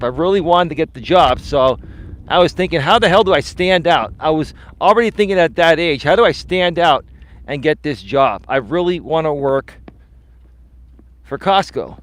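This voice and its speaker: Animated man storytelling on a walk. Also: a little high, moderate pace. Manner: animated storyteller, acts out quotes, swears casually. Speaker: life coach and host. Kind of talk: casual live-stream storytelling while walking. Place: outdoors while walking.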